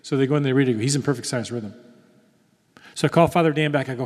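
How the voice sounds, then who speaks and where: A man's voice: mid-range voice, quick pace. A man giving a testimony talk in a church hall, telling his story and acting out the quoted dialogue. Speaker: guest speaker. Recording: reverberant hall.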